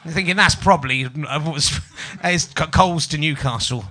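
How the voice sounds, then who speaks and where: Bright-voiced comic man in his forties. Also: a little high, moderate pace. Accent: Yorkshire English. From Yorkshire, England. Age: 40s. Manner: chatty, self-mocking, teasing the audience. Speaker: comedian podcast host. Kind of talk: live comedy podcast banter with audience. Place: small live venue with audience.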